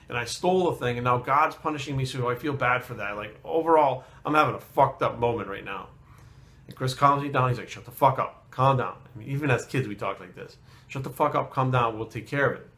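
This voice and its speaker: Casual male fitness vlogger, mid pitch, profane and rambling storyteller. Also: fairly bright tone. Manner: heavy swearing, rambling asides.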